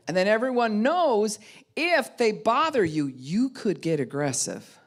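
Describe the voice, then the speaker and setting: A woman's voice: lowish voice, huge pitch swings, moderate pace. A middle-aged woman pastor giving a conversational teaching talk, speaking candidly and frankly and acting out the voices of people she quotes.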